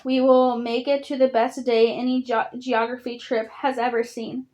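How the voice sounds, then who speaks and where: A woman's voice: fairly high pitch, level tone, moderate pace, darkish tone, natural voice. Woman reading a sea king, commanding and formal, storybook audiobook. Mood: stately. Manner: formal, stately speech. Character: stern sea king, older man, commanding.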